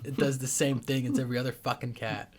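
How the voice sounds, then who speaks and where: A man's voice: medium pitch, level tone, fast talker, darkish tone. A man hosting a podcast in casual comedy chat, sarcastic and crude in his banter. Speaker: podcast host.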